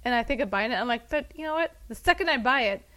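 A woman co-hosting a podcast, chatting in an animated, laughing way. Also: a little high, fast. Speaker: podcast co-host. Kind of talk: casual chat.

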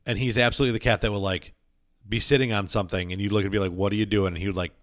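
A man's voice: fairly low pitch, racing, a bit bright, no room sound, studio quality. A man chatting casually as a podcast co-host, telling rambling stories full of fillers and playful asides. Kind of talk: casual chat.

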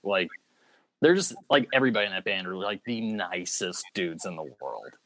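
A man from North Alabama, a guest in a casual chat, talking in a relaxed way with lots of "like" filler. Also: sits low, normal speed. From North Alabama, United States. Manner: relaxed, chatty, many fillers like "like".

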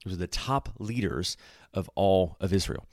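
A man's voice: low voice, normal speed, no room sound, studio quality. A man reading scripture aloud and commenting on it in an enthusiastic, conversational way. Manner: enthusiastic, conversational, laughs often. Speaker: Bible teacher.

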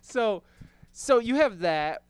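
A man from the American Midwest in a casual podcast chat, animated and profane, with lots of "like" fillers. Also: sits high, takes it slowly.

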